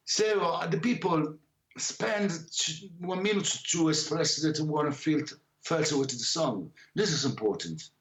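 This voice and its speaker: Roomy-sounding man, halting English. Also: on the high side, expressive. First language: Italian. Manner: halting non-native English with many restarts. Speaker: musician guest. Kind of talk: casual interview chat.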